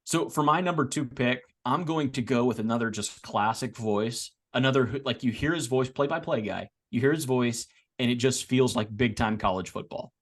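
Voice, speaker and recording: A man co-hosting a casual sports podcast, talking in a rambling way with restarts, getting animated as he makes his points. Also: mid-range voice, moderate pace, hardly any pauses. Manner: rambling, frequent restarts and repeated words. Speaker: podcast co-host.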